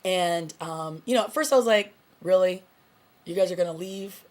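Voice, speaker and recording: Woman TV reviewer, lowish voice, casual chatty recap delivery. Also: normal speed. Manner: chatty, recaps scenes with quoted lines and laughs. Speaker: TV review host.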